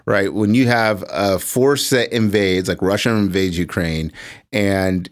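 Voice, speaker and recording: A middle-aged man speaks as a guest in a casual podcast chat. He talks reflectively, often pausing with uh and um. His voice sits a little low. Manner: reflective, with many uh and um pauses.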